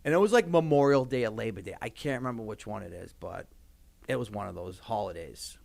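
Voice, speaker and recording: A man in his thirties with a gravelly, fry-edged voice. He tells his stories casually and animatedly on a podcast, swearing freely and slipping into other people's voices. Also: lowish voice, lively intonation, fast talker, a little mellow. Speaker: podcast guest. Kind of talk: casual storytelling.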